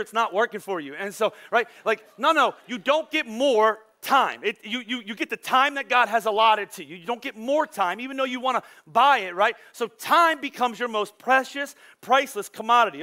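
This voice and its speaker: A man's voice: high-pitched, sharp tone. A man preaching a sermon as pastor, in a casual, joking way that acts out the voices of his listeners. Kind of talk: conversational sermon.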